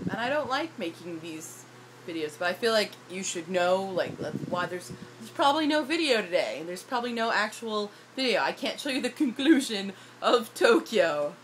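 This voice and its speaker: Hoarse young woman venting into her phone. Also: medium pitch. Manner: frustrated, rambling, self-deprecating. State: hoarse from shouting. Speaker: YouTuber. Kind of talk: casual vlog rant. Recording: loud background noise.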